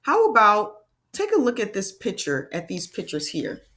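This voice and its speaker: A woman teaching a children's phonics lesson, upbeat and drawn-out, sounding out letters for young kids. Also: mid-range voice, huge pitch swings, a bit bright.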